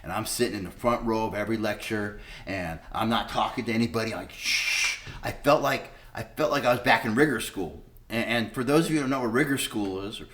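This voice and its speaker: Here a middle-aged man shares his recovery story with a somewhat low, slightly bright voice. It's an unvarnished, blunt testimony peppered with curses, and he acts out past exchanges along the way.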